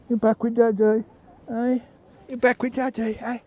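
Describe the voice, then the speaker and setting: A British man vlogs casually from his camper van at a campsite, chatting fondly with his dog. His voice is extremely high with huge pitch swings and a slightly slow pace. The audio sounds narrow and tinny.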